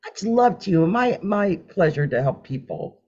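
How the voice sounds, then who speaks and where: Woman tarot reader on a live stream: chatty, laughs a lot, very expressive pitch, muffled audio. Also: normal speed, slightly rough. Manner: chatty, animated, laughs often, hums while drawing cards. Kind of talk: live-stream card reading. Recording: dull lo-fi sound.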